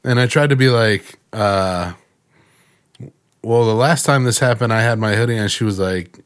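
A man chatting casually with friends, dry and deadpan, bluntly complaining. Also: fairly low pitch, moderate pace. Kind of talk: casual chat.

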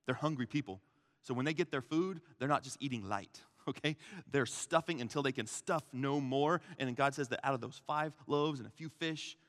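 A man preaching a sermon in an animated way, acting out the voices of Jesus and the crowds. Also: mid-range voice. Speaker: pastor. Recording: long hall reverb.

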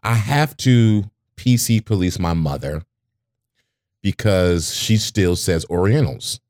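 A man in casual conversation, telling stories with animated, acted-out quotes. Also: slow pace, no room sound, studio quality. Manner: animated storyteller, acts out quotes in a high voice. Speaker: podcast co-host. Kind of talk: casual storytelling chat.

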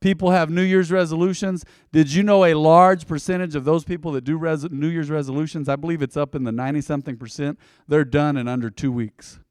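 A pastor preaching a sermon, telling stories and calling on the congregation to repeat after him. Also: male voice, a little high, fairly quick, hardly any pauses, smooth, no room sound, studio quality. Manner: animated, storytelling with congregation call-and-response.

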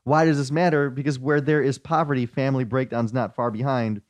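A man co-hosting a podcast, recapping news stories in a relaxed, rambling way. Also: medium pitch, a little fast, no room sound. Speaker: podcast co-host presenting stories. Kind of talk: casual chat.

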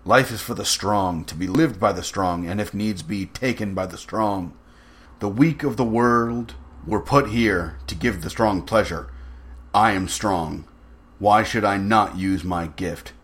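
A man voicing a suave, cruel aristocratic general with smooth, mocking menace. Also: low voice, a bit bright.

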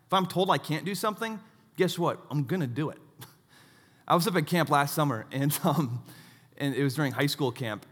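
A man in his thirties preaching a sermon, telling stories with self-mocking asides and a lively delivery. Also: fairly high pitch, normal speed, breathy edge, long reverb tail. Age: 30s. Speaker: pastor.

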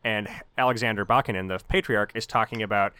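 A man of middle pitch talks quickly and analytically, laying out his points at length in a casual book chat. The recording is dry and close, with no room sound. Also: fairly even intonation, bright, forceful tone, clean tone, dry recording. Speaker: podcast co-host.

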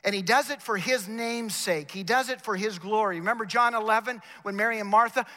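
High bright-voiced preacher in a hall. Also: male voice, a little fast. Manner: emphatic, repeats words, addresses the congregation directly. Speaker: chapel preacher. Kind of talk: sermon. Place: university chapel. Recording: long reverb of a large chapel.

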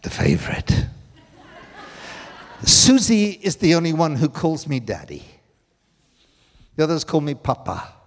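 An older man preaching a sermon, telling personal stories with emotion that swings from loud to hushed. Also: a little high, sing-song, moderate pace, pauses often, big-room sound.

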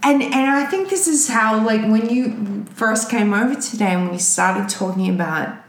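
A woman's voice: a little high, moderate pace, echoey room. A woman co-hosting a casual interview, who often restarts her questions. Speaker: podcast co-host, interviewer.

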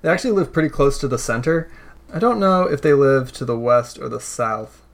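A man's voice: mid-range voice, fairly quick, gravelly. Casual man narrating a tabletop game. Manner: rambling, casual narration with fillers. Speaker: game master.

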